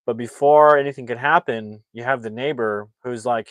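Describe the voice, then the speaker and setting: A man's voice: medium pitch, normal speed, hardly any pauses, no echo. A man hosting a livestream, casually retelling a film's plot in a rambling way with many restarts and acting out the characters' lines. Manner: animated, acts out the characters' lines. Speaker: movie reviewer and livestream host.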